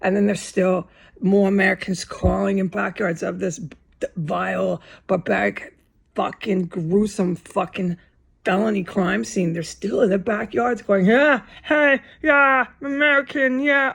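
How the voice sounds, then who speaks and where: A woman's voice: medium pitch, fairly even intonation, a little slow, creaky, slightly rough. A woman ranting in an agitated, indignant vlog full of profanity. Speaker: vlogger.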